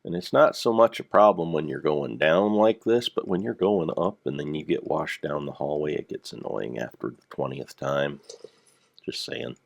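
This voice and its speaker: An older man with a gravelly voice, rambling through casual gameplay commentary with dry dad jokes. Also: a bass voice, normal speed. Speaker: Minecraft let's player.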